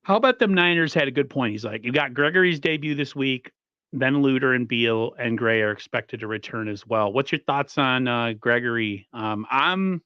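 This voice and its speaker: A man hosting a casual sports talk show, an excited, fast-talking fan. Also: medium pitch, clear, resonant tone, dry recording, muffled recording. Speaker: podcast host.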